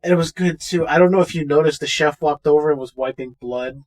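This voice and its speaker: A man's voice: on the high side, a little mellow. A man co-hosting a podcast, chatting casually and profanely about a movie and acting out the characters' lines. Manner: profane, acts out characters with quick voices. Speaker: podcast co-host. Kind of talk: casual movie review chat.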